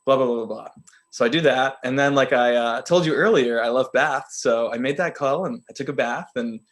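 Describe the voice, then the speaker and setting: A man co-hosting a podcast who tells a story in a casual, animated way and laughs often. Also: medium pitch, brisk. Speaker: podcast co-host.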